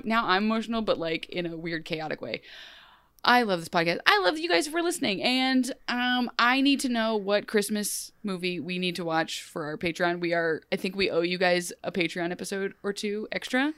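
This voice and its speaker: A young woman co-hosting a podcast in a loose, animated, rambling way, often breaking into laughter. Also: mid-range voice, brisk, clear, resonant tone, no echo, clean studio sound. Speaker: podcast co-host. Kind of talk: casual podcast chat.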